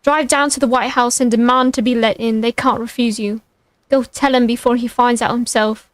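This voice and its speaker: A woman's voice: sits high, slow, no echo. A woman voicing a sleepy, theatrical young man who scolds a friend. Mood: dramatic.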